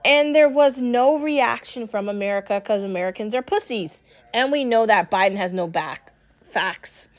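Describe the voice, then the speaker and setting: A woman's voice: mid-range voice, muffled recording. A young woman from New England hosting a solo podcast, ranting angrily and swearing a lot. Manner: angry, profane, ranting. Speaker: podcast host. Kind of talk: solo political rant podcast.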